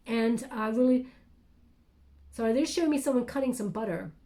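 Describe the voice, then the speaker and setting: A woman's voice: on the high side, moderate pace, long pauses, dark tone. A woman giving a channeled tarot reading to camera, musing and hesitant, with many fillers and restarts. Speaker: tarot reader.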